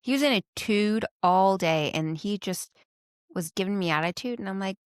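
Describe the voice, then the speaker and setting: A woman in her thirties, a mother co-hosting a casual podcast chat, telling family stories in a lively way and laughing often. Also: mid-range voice, moderate pace, smooth, dry recording, studio quality. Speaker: podcast co-host.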